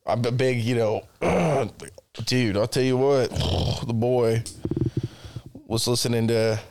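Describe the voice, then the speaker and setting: A man's voice: mid-range voice, slow, creaky, background noise. Crude, joking young man. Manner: crude, joking, swears a lot. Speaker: podcast co-host. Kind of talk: casual chat.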